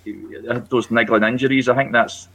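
A man's voice: medium pitch, fairly even intonation, a little fast, fairly bright tone. A Scottish man on a podcast panel, telling a story with a hesitant manner and many ums. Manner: hesitant, lots of ums and uhs. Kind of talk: casual chat.

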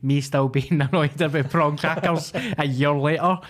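A man's voice: fairly high pitch, steady tone, normal speed. A Scottish man co-hosting a comedy podcast, chatting in a blunt, sweary, jokey way. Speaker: podcast co-host. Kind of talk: casual comedy podcast chat.

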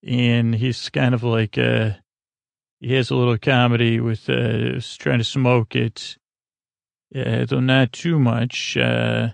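Guy with a really gravelly voice droning flat through a sleepy show recap, lots of uhs. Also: mid-range voice, slow, no echo. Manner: meandering, full of uh fillers. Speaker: podcast host. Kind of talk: rambling sleepy episode recap.

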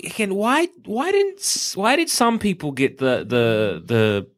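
A man's voice: high-pitched, huge pitch swings, unhurried. A young man co-hosting a casual film review podcast, giggling and trailing off mid-sentence. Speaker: podcast co-host.

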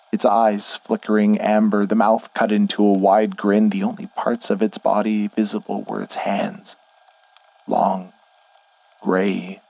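Low gravelly male horror narrator. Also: dry recording.

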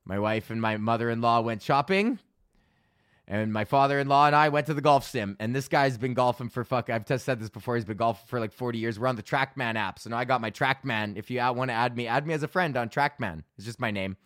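A man in his thirties hosting a podcast, ranting casually and profanely, telling animated stories with lots of laughs. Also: medium pitch, fast talker, no room sound, clean studio sound. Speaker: podcast host.

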